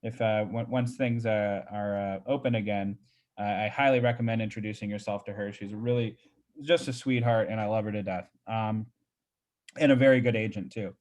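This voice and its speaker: A man's voice: on the low side, fairly even intonation, normal speed, a little mellow. A man, a real estate agent, telling a story in a chatty way on a video call, full of fillers and restarts. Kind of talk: casual coaching talk on a video call.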